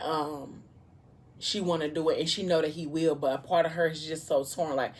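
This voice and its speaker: Woman vlogger with a lowish voice, chatty and animated storyteller. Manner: chatty, animated plot retelling with asides. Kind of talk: casual storytelling during a mukbang.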